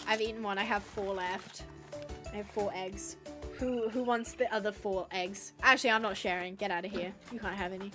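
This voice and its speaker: Chatty high-voiced woman streamer. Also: fairly bright tone. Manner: chatty, reads out chat suggestions, coos at animals. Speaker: livestreamer playing a horse-rescue game. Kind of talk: casual live-stream chat.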